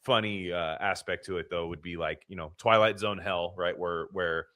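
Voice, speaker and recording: A man's voice: low-pitched, fairly even intonation, moderate pace, a bit bright. A man co-hosting a podcast, rambling through stories in casual chat and swearing freely. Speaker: podcast co-host.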